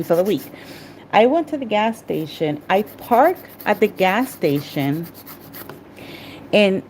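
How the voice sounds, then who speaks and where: Candid, rambling woman with a lowish voice. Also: a little mellow, slight background noise. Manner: candid, rambling, with many restarts and fillers. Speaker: nail artist and vlogger. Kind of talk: casual personal storytelling during a nail tutorial.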